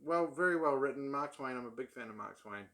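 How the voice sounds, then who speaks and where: Man, casual book vlog, rambling, hesitant, lots of ums, average pitch. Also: lively intonation, brisk, sharp tone. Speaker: book vlogger. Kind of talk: casual chat.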